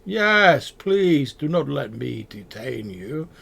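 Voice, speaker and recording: A man's voice: medium pitch, very animated, takes it slowly, gravelly, fairly bright tone, voice pushed up, heavily acted. A man voicing an old male tree-dweller who speaks formally and with elaborate politeness. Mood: polite. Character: courteous old male elder of a great tree.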